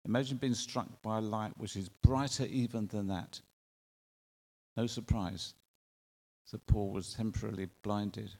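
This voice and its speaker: A male preacher delivering a sermon in an earnest way, with drawn-out emphatic phrasing and rhetorical questions. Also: on the low side, fairly even intonation, gravelly, warm tone. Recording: long reverb of a large hall.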